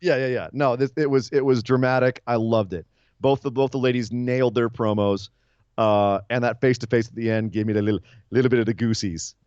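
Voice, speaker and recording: A man's voice: mid-range voice, clear, resonant tone, no room sound, dull audio. A man co-hosting a casual wrestling podcast, teasing his partner and laughing as he recaps. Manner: animated, quick to tease and laugh. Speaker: podcast co-host.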